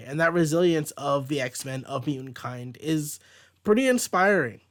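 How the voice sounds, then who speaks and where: Rambling comic book host, slightly high voice. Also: male voice, expressive, normal speed. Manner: rambling, lots of likes and restarts. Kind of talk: casual page-by-page comic recap.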